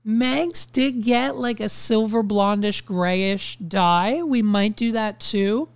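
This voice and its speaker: A young man hosting a podcast, telling stories in a casual monologue full of swearing and animated ranting. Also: high-pitched, slow pace, gravelly, smooth, no room sound. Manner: ranting, profane, animated storytelling. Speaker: podcast host.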